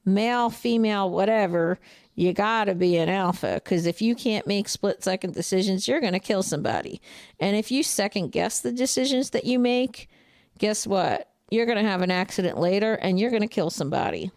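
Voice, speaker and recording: Woman trucker, Jersey accent, gravelly, dry close mic, blunt livestream chat. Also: mid-range voice, moderate pace, darkish tone, dry recording. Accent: New Jersey. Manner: blunt, outspoken, laughs often. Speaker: truck driver and trainer. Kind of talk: casual livestream chat reading viewer comments.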